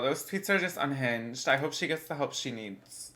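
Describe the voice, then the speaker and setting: A woman's voice: very deep voice, lively intonation, normal speed, fairly bright tone, a little hiss or hum. A young woman in her twenties, a bit congested, rambling casually as she answers her livestream chat.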